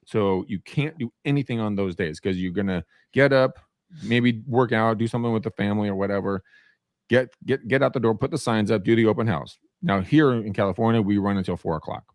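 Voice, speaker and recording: A man with a somewhat low voice tells stories in a casual podcast chat about real estate. He acts out the people he quotes. His voice is close and dry, with no room sound. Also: a little fast, no room sound. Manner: animated storyteller who acts out quotes.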